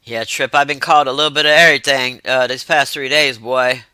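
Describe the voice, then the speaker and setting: A woman's voice: extremely low pitch, fairly even intonation, fairly quick, pushed and bright, clean tone, dry recording. A woman hosting a livestream, chatting loosely and reacting to messages from her chat. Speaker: livestream host.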